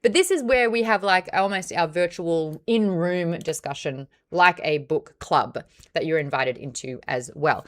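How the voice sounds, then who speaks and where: Chatty low-voiced woman hosting a stream. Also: unhurried, few pauses. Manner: chatty, upbeat, explaining with fillers and asides. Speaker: book club host. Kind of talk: casual livestream chat.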